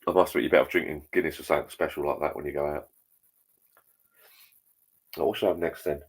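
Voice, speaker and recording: Man, very low voice, casual matey rambling chat, hosting a live stream from home. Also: steady tone, fast, husky. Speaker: livestream host. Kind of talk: casual chat with viewers while drinking. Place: at home, indoors.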